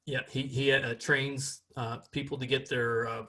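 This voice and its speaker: A man's voice: medium pitch, little pitch movement, measured pace, bright, forceful tone. A man hosting a podcast in casual chat, upbeat and rambling, often groping for words. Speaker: podcast host.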